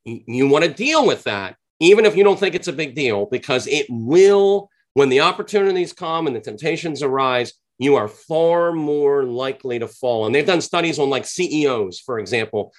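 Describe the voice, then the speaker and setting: A man's voice: mid-range voice, lively intonation. A man speaking as a podcast guest and sales trainer, explaining his views in an earnest, conversational way and drawing out the words he wants to stress. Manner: earnest, explanatory, drawn-out emphasis on key points. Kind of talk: conversational interview answer.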